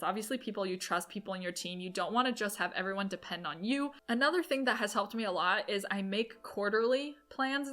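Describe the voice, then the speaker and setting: A woman's voice: medium pitch, fairly bright tone. A woman in her twenties giving chatty, upbeat business advice straight to camera. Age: 20s. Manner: chatty, upbeat, quick asides. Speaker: entrepreneur vlogger. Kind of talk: casual talk-to-camera advice.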